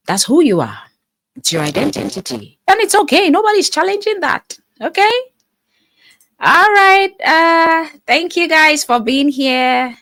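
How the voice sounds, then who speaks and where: A woman's voice: sits high, very animated, normal speed, fairly bright tone, no room sound. Earnest woman host from Nigeria. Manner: earnest, emphatic, repeats phrases for emphasis. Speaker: live-stream host, life coach. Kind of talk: live-stream commentary reading comments.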